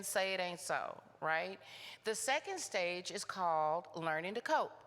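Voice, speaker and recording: A woman with a Texan accent giving a keynote talk, telling her story in an animated way and acting out the dialogue. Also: medium pitch. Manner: animated, acts out quoted dialogue. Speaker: keynote speaker. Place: conference hall. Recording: reverberant hall.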